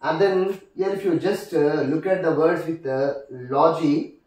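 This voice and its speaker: A man with an Indian English accent teaching a lesson on word stress, speaking deliberately and repeating each example word. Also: on the high side, dark tone. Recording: echoey room, distant mic.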